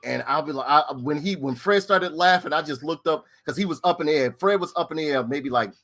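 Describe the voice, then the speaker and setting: A middle-aged man telling stories in casual chat. He is animated, swears freely and repeats his lines for effect. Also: on the high side, fairly quick. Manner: animated, profane, repeats himself. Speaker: storyteller.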